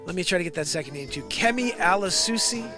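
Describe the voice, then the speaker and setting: A male host with a high voice rambles and riffs through an improvised comedy livestream, putting on squeaky voices whenever he quotes people. His intonation is lively and he talks fast, with music playing loudly behind him.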